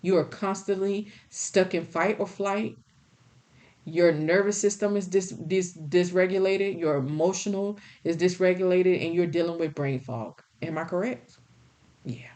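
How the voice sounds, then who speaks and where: A woman's voice: fairly low pitch, fairly even intonation, measured pace, dark tone. A woman giving a spiritual tarot reading in a blunt, folksy, scolding way. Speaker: tarot reader.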